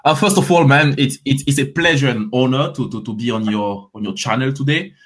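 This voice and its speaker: A man's voice: mid-range voice, a little fast, fairly bright tone. A man in his thirties from Ivory Coast with a French accent, a fitness coach answering interview questions in a friendly way with frequent restarts. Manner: friendly, repeats words while starting sentences.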